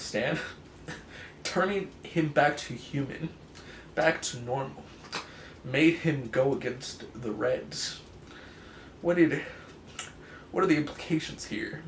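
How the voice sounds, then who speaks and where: A man's voice: medium pitch, gravelly, a little hiss or hum. A young man in casual comic commentary, sarcastic and mocking, firing rhetorical questions, in an echoey room. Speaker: comic book reviewer.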